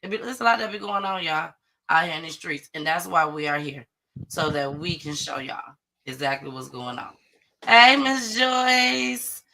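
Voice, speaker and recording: A woman hosting a casual live-stream gossip show, chatty and animated as she greets viewers. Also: deep voice, normal speed, vocal fry, a little hiss or hum. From Atlanta area. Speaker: host of a live online gossip and news show.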